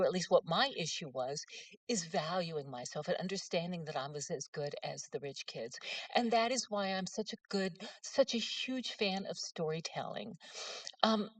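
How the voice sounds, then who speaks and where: A woman's voice: mid-range voice, no room sound, far from the mic. A middle-aged woman, telling humorous, self-mocking stories in an author's talk. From West Virginia. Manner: folksy, self-mocking storyteller.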